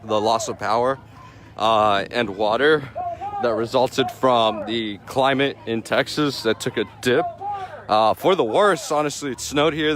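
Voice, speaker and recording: A man's voice: mid-range voice, noisy background. A man narrating informal live street news while walking outdoors, speaking into a handheld camera mic. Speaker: livestream street reporter. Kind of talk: live on-the-ground news commentary.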